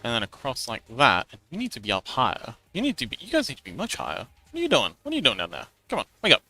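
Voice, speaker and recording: A man's voice: medium pitch, wildly swooping pitch, fast talker, sharp tone, no echo, soft background music. A man livestreaming as an artist, chatting casually while he draws, rambling and self-deprecating, laughing often and muttering to himself as he works.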